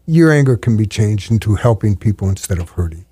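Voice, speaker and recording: A man in his seventies, a storyteller, talking in an interview in an earnest, halting way with frequent restarts, in a studio. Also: fairly low pitch, animated, warm tone, husky, no echo. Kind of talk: reflective interview talk.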